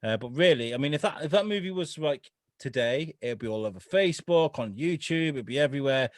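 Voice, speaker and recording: A man's voice: on the high side, animated, a little fast, dry recording, studio quality. A man co-hosting a podcast in casual chat, swearing freely and slipping into mocking voice impressions. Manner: swears a lot, mocks voices with exaggerated impressions. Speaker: podcast co-host.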